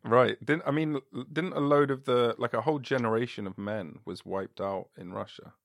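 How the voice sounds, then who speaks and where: Male podcast host, casual rambling chat, gravelly tone. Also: mid-range voice, moderate pace, dry recording, studio quality. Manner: laid-back, rambling, laughs often.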